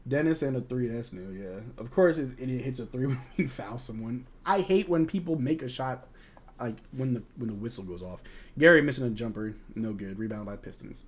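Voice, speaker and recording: A man's voice: mid-range voice, lively intonation, normal speed. A young American man hosting a live game watch-along, reading out chat questions and reacting to plays as a frustrated fan in casual, slangy banter. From United States.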